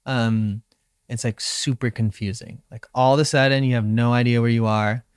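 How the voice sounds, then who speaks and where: A young man from Hawaii tells a personal story in a relaxed, reflective interview manner, slipping into his own inner voice as he recounts it. His voice is smooth and resonant. He is recorded dry and close to the mic. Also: medium pitch, normal speed, no room sound. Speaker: professional surfer, guest.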